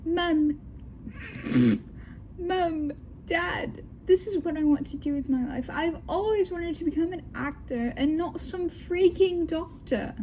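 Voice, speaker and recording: A woman voicing a dramatic teenage girl in a put-on British accent, shouting at her parents. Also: extremely high pitch, slow, a little hiss or hum, pitched above the performer's own voice. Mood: defiant.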